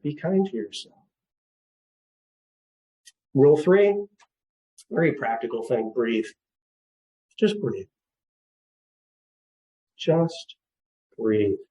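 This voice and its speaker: A middle-aged man counseling on grief in a seminar talk, gentle and repetitive, with frequent light chuckles. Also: mid-range voice, poor audio. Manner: gentle, repeats words, chuckles often.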